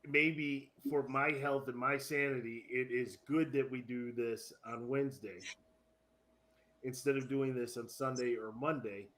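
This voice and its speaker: Man, sports podcast co-host, casual chat, animated delivery, repeats himself. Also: medium pitch, a little slow. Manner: animated, repeats words, laughs at own jokes.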